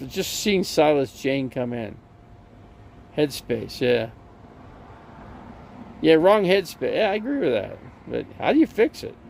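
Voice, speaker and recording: A man's voice: on the high side, very animated, measured pace, gravelly, long pauses, darkish tone, a little hiss or hum. A man streaming from an RV, chatting casually and rambling through stories with lots of fillers and restarts. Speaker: live streamer.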